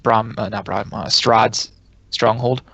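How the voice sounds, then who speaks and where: A man playing in a tabletop game, hesitant and halting, with lots of fillers. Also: on the low side, steady tone, vocal fry, sharp tone, slight background noise. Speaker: player. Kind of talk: casual tabletop play.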